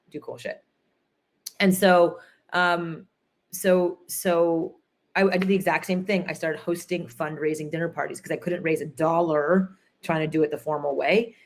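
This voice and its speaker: Entrepreneur guest, a woman with a deep voice, chatty and animated, acts out what people said. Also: moderate pace. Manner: animated storyteller, acts out quotes, many fillers. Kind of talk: conference interview, storytelling.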